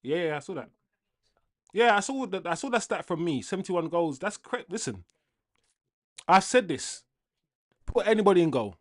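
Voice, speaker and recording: Young male streamer, fairly high voice, emotional fan rant, flips from loud to mumbling. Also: moderate pace, pauses often. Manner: animated, swinging from loud outbursts to low muttering. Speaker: livestream football watchalong host. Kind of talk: casual fan rant to live chat.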